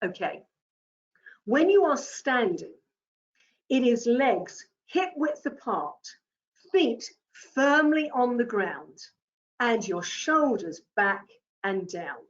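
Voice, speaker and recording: Slow, deliberate woman coaching presenters. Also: fairly high pitch, big pitch swings, highs cut off. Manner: deliberate, instructive, repeats key points. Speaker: communication trainer. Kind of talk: presentation skills coaching talk.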